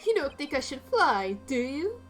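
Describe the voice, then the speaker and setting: A woman voicing a flamboyant young male magician who talks in a slow, drawling, theatrical way. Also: sits high, sing-song, soft background music, voice pushed up.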